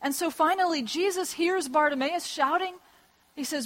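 A woman preaching a sermon, telling gospel stories in a lively way and acting out the voices of the people in them. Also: high-pitched, moderate pace. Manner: lively storytelling with acted voices and laughs.

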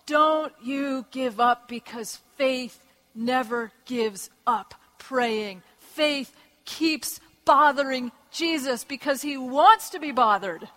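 A woman preaching a sermon, telling gospel stories in a lively way and acting out the voices of the people in them. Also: high voice, slow pace. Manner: lively storytelling with acted voices and laughs.

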